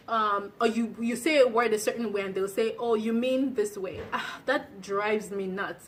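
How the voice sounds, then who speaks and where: A woman's voice: fairly high pitch, a bit bright, a little hiss or hum. A young woman who moved to the United States, giving chatty, casual advice to camera with lots of fillers. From abroad, migrated to the United States. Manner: chatty, storytelling, many fillers. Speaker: vlogger.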